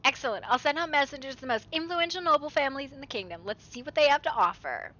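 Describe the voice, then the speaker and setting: A woman's voice: high voice, lively intonation, fast, bright, forceful tone, highs cut off. A woman reading aloud as a bossy middle-aged royal mother from a game, pushing her child to marry. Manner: overbearing, matchmaking.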